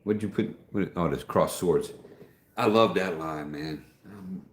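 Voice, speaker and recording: A man's voice: sits low, a little slow, a little hiss or hum. A middle-aged man hosting a casual livestream from home, rambling in a folksy way as he reads viewer comments aloud. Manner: rambling, folksy, trails off and restarts. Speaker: livestream host. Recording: echoey room.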